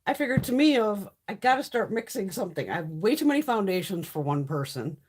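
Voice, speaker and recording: A woman's voice: mid-range voice, sing-song, fast talker, a little mellow, a little hiss or hum. A woman hosting a casual beauty haul live stream, chatty and blunt, swearing freely as she greets viewers. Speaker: beauty livestream host.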